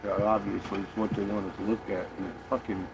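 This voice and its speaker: A man's voice: on the low side, flat delivery, a little fast, background noise. A man talking casually in a rambling monologue, swearing often and restarting his sentences. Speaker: conspiracy vlogger.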